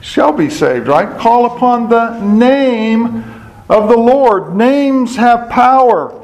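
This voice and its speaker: A man's voice: very high voice, animated, slow pace, a little mellow, rough recording. A man giving a sermon as a Bible teacher, asking his listeners questions, answering them himself and repeating key words for emphasis.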